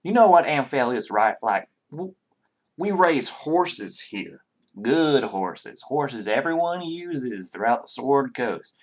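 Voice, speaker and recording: A man's voice: medium pitch, sing-song, takes it slowly, pitched above the performer's own voice. Man putting on a folksy Southern young lord. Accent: Southern US, put on. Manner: folksy, hospitable, rambling. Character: young blond man, cheerful lord of a horse town.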